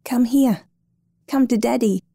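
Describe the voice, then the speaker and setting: A woman's voice: a little high, unhurried, gravelly, warm tone, breathy edge, dry recording, voice pushed up, heavily acted. A woman voicing a plainspoken, earnest husband hoping to adopt a boy, in a storybook reading. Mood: tender.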